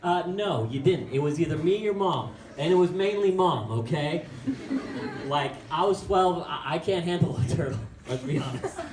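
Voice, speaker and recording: Young male stand-up, slightly high-pitched, rambling and self-mocking; recorded distant and echoey over a crowd. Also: expressive, moderate pace, noisy background. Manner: rambling, filler-heavy, self-mocking delivery. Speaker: stand-up comic. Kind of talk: stand-up storytelling. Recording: echoey room from far off with crowd.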